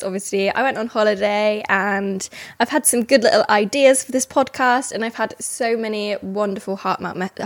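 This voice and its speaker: A young woman hosting a casual solo podcast, telling stories in a chatty, animated way with frequent restarts. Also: mid-range voice. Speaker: podcast host.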